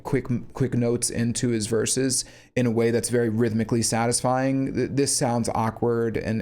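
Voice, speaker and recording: A man's voice: medium pitch, a little mellow. Blunt, sarcastic male song reviewer. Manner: blunt, sarcastic, swears freely. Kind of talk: casual song critique.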